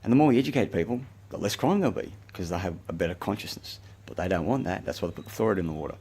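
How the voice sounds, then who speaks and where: Deep-voiced Australian man ranting. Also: expressive, very fast, mellow, breathy edge. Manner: profane, agitated, rambling ranting. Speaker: self-recorded speaker. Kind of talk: rambling monologue.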